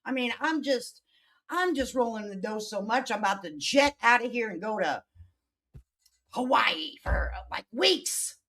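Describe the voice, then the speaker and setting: A woman's voice: expressive, moderate pace. Sassy sarcastic woman streamer. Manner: sassy, sarcastic, swings between loud outbursts and low mutters. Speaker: drama commentary streamer. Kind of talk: livestream commentary reading posts aloud.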